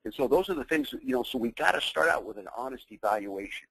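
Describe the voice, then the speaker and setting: A man's voice: mid-range voice, very animated, fast, vocal fry, fairly bright tone, no room sound, poor audio. A man leading a motivational business training call, intense and emphatic, firing rhetorical questions at his listeners. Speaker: business coach.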